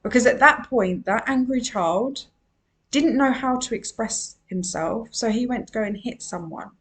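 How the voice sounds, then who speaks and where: A woman who works as an emotional wellbeing coach delivers a solo podcast monologue, speaking earnestly and emphatically and repeating her key phrases. Her pitch is fairly high and her pace moderate.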